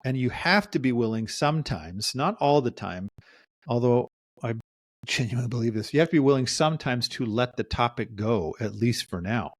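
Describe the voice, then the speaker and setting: A man's voice: mid-range voice, animated, moderate pace, no echo, clean studio sound. A man, a therapist co-hosting a podcast, talking things through in a reflective way and acting out quoted lines. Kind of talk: casual podcast discussion.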